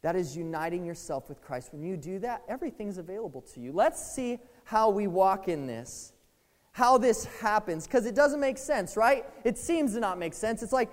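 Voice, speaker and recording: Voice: mid-range voice, lively intonation, moderate pace, big-room sound. A preacher giving a sermon in a casual, conversational way, often asking the listeners "right?" and acting out the inner voices of the people being quoted.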